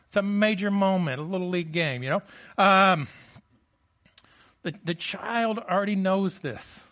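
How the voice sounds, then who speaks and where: A pastor delivering a sermon in a conversational way, putting questions to the congregation. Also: male voice, high voice, measured pace, long pauses, fairly bright tone, dull audio.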